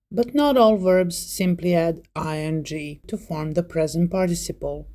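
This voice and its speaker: A woman narrating a scripted English grammar lesson as the teacher, reading out example words one at a time in a slow, deliberate way. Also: lowish voice, mellow.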